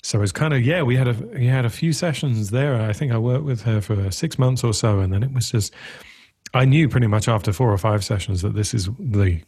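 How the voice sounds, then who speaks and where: A man's voice: mid-range voice, a little fast, a little mellow, slightly rough. A man who works as a coach, telling a story in a thoughtful, curious, conversational way.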